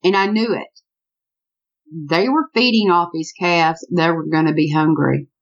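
Gravelly low-voiced woman telling a story. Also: measured pace, lo-fi sound. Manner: animated, repeats "I said" often. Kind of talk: telling a true encounter story.

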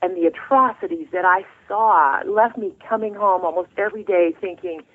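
A woman's voice: mid-range voice, moderate pace, hardly any pauses. A middle-aged woman, a guest author, telling her story of faith in an earnest, heartfelt way. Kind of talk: faith testimony in an interview. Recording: tinny phone line.

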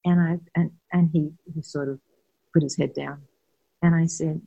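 A woman's voice: low-pitched, steady tone, moderate pace, creaky, husky, dull audio. An older woman, a guest and former caregiver, tells personal stories candidly and earnestly, laughing now and then. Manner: warm, earnest, laughs while telling stories.

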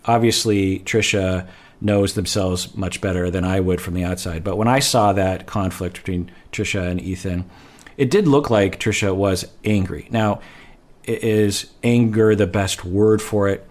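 A man who works as a therapist, explaining ideas in a measured way and correcting himself as he thinks aloud. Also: sits low, fairly even intonation. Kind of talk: explanatory podcast talk.

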